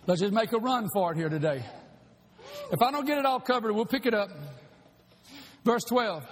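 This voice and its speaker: A man preaching a sermon, shouting at times and rushing through asides. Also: very high-pitched. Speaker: pastor. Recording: long hall reverb.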